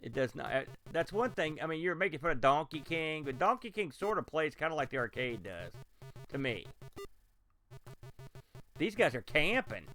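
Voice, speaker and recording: Lively man streaming retro games. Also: on the high side, normal speed, pauses often, soft background music. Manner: excitable, reacts loudly to gameplay and talks to chat. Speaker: game streamer. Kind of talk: live game-stream commentary.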